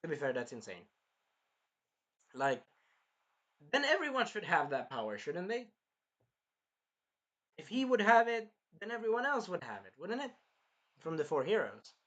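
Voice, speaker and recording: Male anime reviewer, high and lively voice, casual and profane, acts out the characters. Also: normal speed, long pauses, lo-fi sound. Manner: animated, swears a lot, acts out characters' lines.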